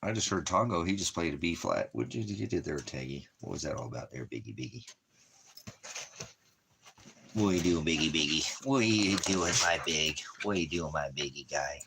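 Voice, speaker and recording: Low-voiced man rambling on a livestream. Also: animated, normal speed, vocal fry, noisy background. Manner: talks to his dogs in a doting, repetitive way. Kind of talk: casual rambling livestream chat. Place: at home indoors.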